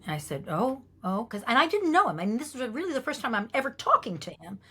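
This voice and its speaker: A middle-aged woman, an actress as guest, telling anecdotes in a lively way, acting out the lines she quotes and laughing often. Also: on the high side, quick pace, slightly rough.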